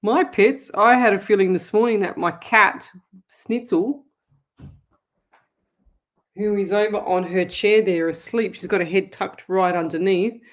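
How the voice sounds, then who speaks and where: A woman's voice: medium pitch, unhurried. A woman hosting a live psychic call-in show, chatting easily, laughing often and reading out listeners' comments. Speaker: psychic medium radio host.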